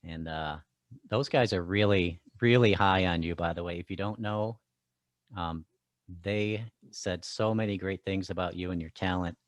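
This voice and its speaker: A man hosting a podcast interview, talking in a halting way with many fillers. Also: low-pitched, no room sound. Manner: halting, friendly, lots of fillers. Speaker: podcast host. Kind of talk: casual interview.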